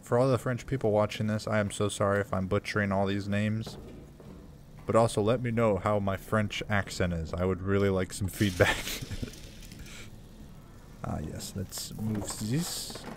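This let's play comes from a gaming YouTuber whose voice is on the low side, steady in tone and moderate in pace. He chats casually through a survival horror game, jumping and laughing nervously at the scares, over some background noise.

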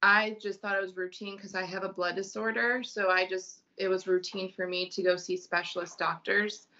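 A woman from Illinois, a mother and podcast guest, telling a personal story slowly and haltingly with many ums. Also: mid-range voice, little pitch movement, sharp tone, dull audio.

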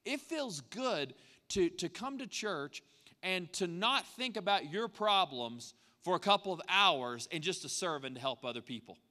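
A man delivers a sermon in a high, bright voice. He talks with animation and slips into the voices of the people he quotes. The sound carries a long reverb from the church hall. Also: lively intonation, unhurried. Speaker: pastor. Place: church sanctuary.

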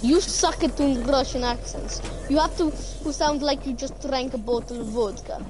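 A woman's voice: sits high, normal speed. A woman streaming a game, chatting playfully and teasing her friends in a sing-song way. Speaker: gaming streamer. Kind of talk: casual gameplay chatter. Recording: noisy game stream audio.

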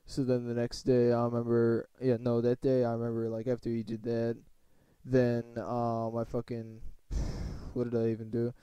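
A man's voice: mid-range voice, completely flat delivery, moderate pace, mellow, smooth, dry recording. A man telling a rambling, swear-filled storytime in a casual monologue. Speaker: vlogger.

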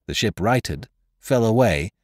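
A man narrating an adventure story aloud in a dramatic, expressive first-person telling. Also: fairly low pitch, measured pace, no echo, studio quality. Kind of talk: scripted audiobook narration.

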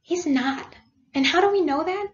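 A woman's voice: very high voice, moderate pace. A woman teacher reading a storybook aloud to her class and explaining it with questions. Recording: dull lo-fi recording.

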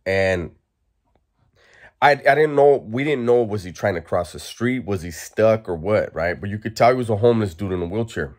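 A man with a somewhat low voice tells a story in a loose, relaxed way. He swears freely, and his delivery is casual and unpolished, like talking to friends. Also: moderate pace. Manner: laid-back, profane, laughs while telling. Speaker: storyteller vlogger.

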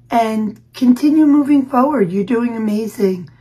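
A woman recording a warm, gushing video message, close to tears. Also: on the high side, slow, breathy edge, low-quality recording.

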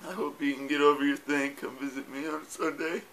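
A man's voice: a little high, steady tone, a little fast, fairly bright tone, a little hiss or hum. A man, tearful, recording a rambling and tender video message to his wife, with fillers and swearing. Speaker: husband saying goodbye. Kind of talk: personal video message to camera. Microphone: self-recorded camera.

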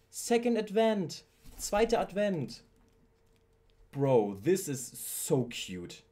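A young man, excitedly unboxing fan mail at his home PC setup and gushing about every item. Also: on the high side. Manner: excitable, gushing, says "bro" often. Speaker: YouTuber.

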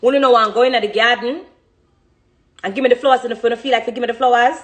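Fervent Jamaican woman, fairly high voice. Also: fairly even intonation, rapid-fire. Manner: fervent, emphatic, repeats phrases for emphasis. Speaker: dancehall artist. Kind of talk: impassioned monologue.

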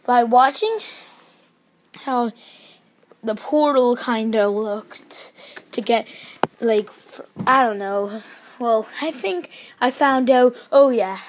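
A woman telling a plush toy story in a rambling, excitable way, full of fillers and sudden shrieks. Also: takes it slowly, pauses often, slight background noise. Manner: excitable, breaks into shrill screams.

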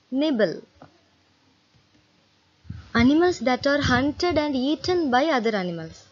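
Woman, English teacher, very slow classroom reading, encouraging, dull lo-fi sound. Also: high-pitched. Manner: encouraging, asks pupils to repeat words after her.

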